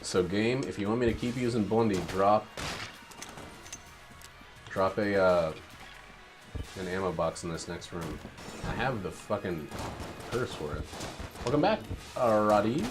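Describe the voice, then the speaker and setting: A man's voice: lowish voice, expressive, unhurried, long pauses. A man streaming a video game, giving casual play-by-play commentary in a wry, rambling way with muttered asides. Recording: game music playing behind. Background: loud game music and gunfire.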